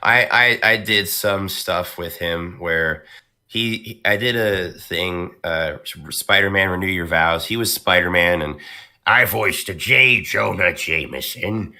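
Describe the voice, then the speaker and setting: Voice actor man, deep voice, slow casual chatter full of fillers. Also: sharp tone. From northern United States. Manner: laughs often, many fillers and restarts. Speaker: voice actor guest. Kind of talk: casual podcast chat.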